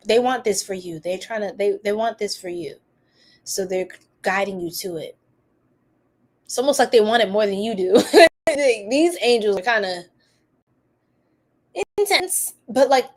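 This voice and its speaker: A woman hosting a live tarot reading, chatty and giggly, rambling with lots of fillers. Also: mid-range voice.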